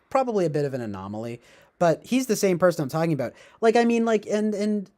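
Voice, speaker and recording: A young man hosting a livestream, musing out loud in a rambling way, full of fillers, self-corrections and little chuckles. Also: fairly high pitch. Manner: chuckles often while talking. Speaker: livestream host. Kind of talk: casual rambling livestream talk.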